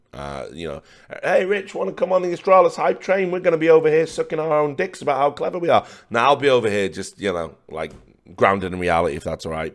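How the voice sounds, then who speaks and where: A tired, hoarse man giving blunt, profane esports match analysis. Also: on the low side.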